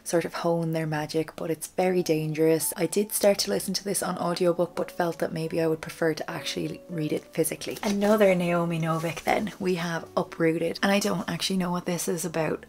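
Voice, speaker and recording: A woman book vlogger giving a casual, chatty bookshelf tour, self-deprecating and dropping into soft whispery asides. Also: fairly low pitch, fairly even intonation, brisk, few pauses.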